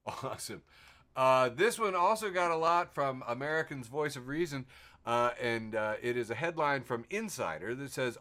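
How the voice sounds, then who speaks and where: A man hosting a casual podcast, his pitch swinging widely as he reads memes aloud. He laughs often and slips into exaggerated voices for the posts he quotes, all at an everyday middle pitch. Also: lively intonation, normal speed, pushed and bright. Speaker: podcast host.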